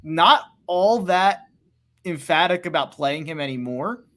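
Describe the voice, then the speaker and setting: Man, fairly high voice, rambling sports podcast co-host, lots of restarts. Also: lively intonation, a little slow, fairly bright tone. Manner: rambling, many restarts and hedges. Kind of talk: casual sports talk.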